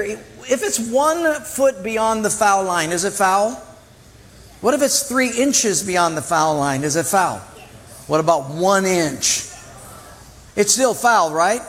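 Speaking slowly in a high voice, a man delivers a church sermon that rings with long hall reverb. He brings his illustrative stories to life by acting out the characters' voices.

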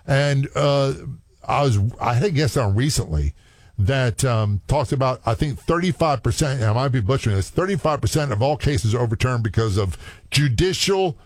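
A man at an ordinary pitch asks his questions haltingly, repeating words as he works toward what he means. He sounds close and dry, with no room around him. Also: animated, no echo. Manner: halting, restarts questions often. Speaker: podcast host, former police officer. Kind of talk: interview hosting.

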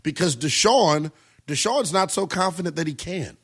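A man's voice: on the high side, animated, moderate pace, noisy background. A man hosting a sports talk radio show, giving brash, emphatic opinions and taking calls.

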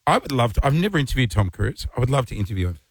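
Fast-talking radio host man. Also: mid-range voice, sing-song, soft background music. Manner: quick, joking, blunt. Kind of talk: casual radio banter. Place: radio studio. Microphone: studio microphone.

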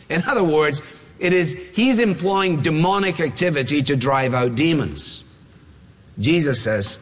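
A man preaching a sermon, emphatic and repetitive, leaning on slow stressed words. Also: on the high side, expressive. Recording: long reverb of a large hall.

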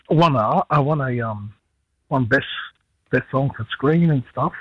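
A man's voice: mid-range voice, slow pace, breathy edge, no room sound, highs cut off. A man, a musician guest telling a story in a radio interview and acting out what others said. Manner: animated storyteller, acts out others' lines.

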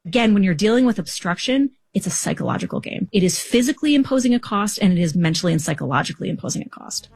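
A woman interview guest explaining a political strategy in a brisk, cheerful, matter-of-fact way. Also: lowish voice, husky, no echo. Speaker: interview guest, policy analyst.

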